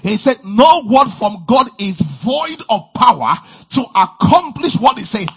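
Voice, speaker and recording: A male preacher delivering a fervent sermon, repeating lines and swinging between shouted declarations and low murmurs. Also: big pitch swings, unhurried, husky, dull audio.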